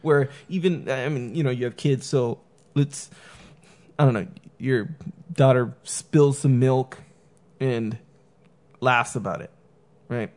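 A man talking through a relaxed conversation, full of "you know" and "like," wandering from point to point. His pitch sits in the everyday middle range, and he slips into quick voices for the people he quotes. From San Diego area. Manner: rambling, many fillers, acts out quoted people. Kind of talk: casual conversation.

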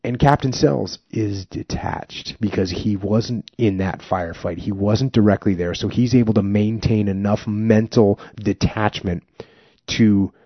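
Husky-voiced man reading and discussing a book. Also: on the low side, a little slow, no room sound. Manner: emphatic, animated when commenting. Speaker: podcast host. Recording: slightly muffled dry recording.

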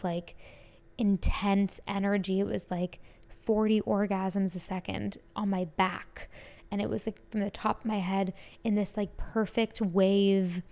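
A woman telling a personal story in a casual, rambling way, full of fillers, sometimes dropping to a soft whisper. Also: mid-range voice. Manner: rambling, heavy use of "like" and fillers; drifts into soft whispers at emotional moments.

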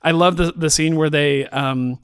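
A man's voice: on the high side, steady tone, a little slow, fairly bright tone, smooth, no echo, clean studio sound. A young man co-hosting a movie podcast, chatting casually with rambling enthusiasm. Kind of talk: casual chat.

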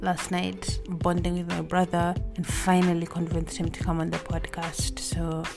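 A woman's voice: fairly low pitch, completely flat delivery, moderate pace, vocal fry, over music. A young woman hosting her own podcast in a casual, rambling way, often stopping to rephrase herself, recorded indoors at a relative's house. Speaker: podcast host. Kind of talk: casual solo podcast chat.

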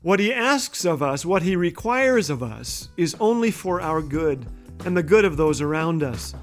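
A man with a high, bouncy voice hosts a light devotional radio spot, telling jokes with animated voices for the people in them. Soft music plays under his talk. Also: a little slow. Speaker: radio host.

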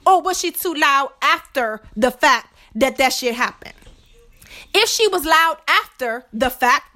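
A woman's voice: high-pitched, expressive, moderate pace, sharp tone. A woman podcast host in a heated, profane monologue, tagging her points with "okay?". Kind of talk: ranting monologue to camera.

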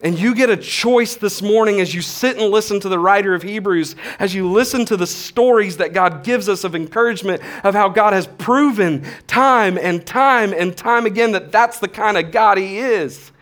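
Pastor, male, 30s, slightly high voice; casual, energetic sermon delivery. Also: moderate pace, hardly any pauses. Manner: casual, animated preaching with slang and swings from soft to loud.

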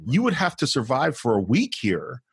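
A man co-hosting a casual film discussion podcast, animated and acting out the characters' lines. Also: medium pitch, normal speed, creaky, husky, no echo, studio quality. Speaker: podcast co-host.

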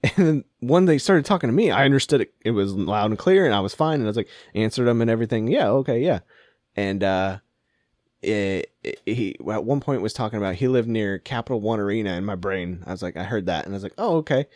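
This laughing storyteller speaks fast in a darkish, low-leaning voice, performing the quotes of people in his funny story. It's casual chat, recorded studio-clean with no echo.

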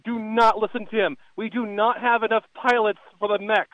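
A man's voice: sits high, level tone, moderate pace, close to an everyday voice. A man calling in as a frantic male time traveler from a future war, pleading urgently. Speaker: caller. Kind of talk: comic call-in bit. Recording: tinny phone line.

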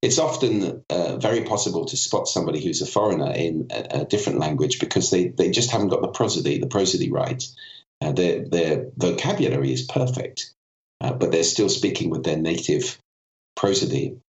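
A man with a very low voice and a cold talks as an interview guest, explaining clearly and acting out vocal effects as examples. The sound is dull and a little roomy, like a remote recording. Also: expressive, a little fast. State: has a cold. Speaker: podcast guest, voice and communication expert.

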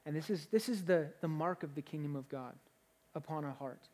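Energetic young man preaching a sermon. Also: fairly high pitch, a little fast. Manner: energetic, conversational, with restarts and laughs. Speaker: pastor.

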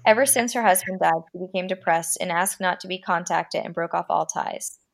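A woman podcast host reading a horror story aloud, with a dramatic delivery that slows down for the creepy lines. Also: lowish voice, gravelly.

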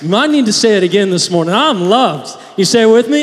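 A man preaching a sermon as pastor, moving between hushed, pleading passages and loud, shouted declarations. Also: high-pitched, expressive, a little fast, few pauses. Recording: long hall reverb.

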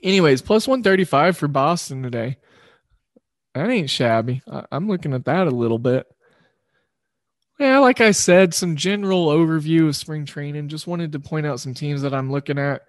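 A man's voice: a little high, lively intonation, normal speed, no room sound, studio quality. A man hosting a sports betting show, rambling loosely through picks and correcting himself as he goes. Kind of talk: casual sports betting talk.

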